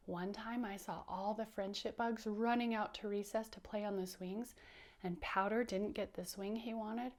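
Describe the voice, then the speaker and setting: A woman teacher giving a storytime lesson for young children, animated and asking them to repeat after her. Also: medium pitch, vocal fry.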